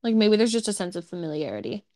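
A woman co-hosting a podcast in casual chat, asking quick follow-up questions. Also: mid-range voice, sing-song, a little mellow, no room sound, clean studio sound. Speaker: podcast co-host.

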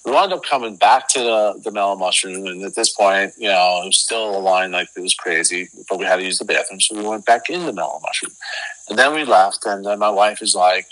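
A middle-aged man appears as an interview guest, telling a rambling story in a low voice at a fairly quick clip. His retelling is animated and loaded with fillers, like casual storytelling. The recording is rough.

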